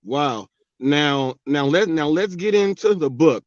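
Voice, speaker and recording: A man hosting a live online interview, brisk and quick to interrupt, careful about what is said on air. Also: fairly high pitch, animated, dry recording. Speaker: show host. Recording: dry, dull lo-fi audio.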